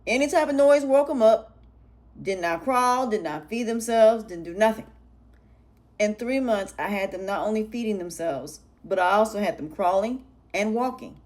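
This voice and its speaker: A middle-aged woman, a parent and life coach, talking bluntly and emphatically straight to her viewers in casual advice talk. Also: fairly high pitch.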